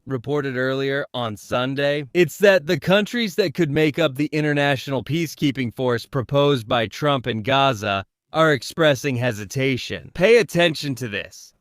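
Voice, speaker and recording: A man's voice: medium pitch, a bit bright, dry recording, clean studio sound. A man commentating on the news in a live stream, firing off rhetorical questions and greeting viewers in the chat.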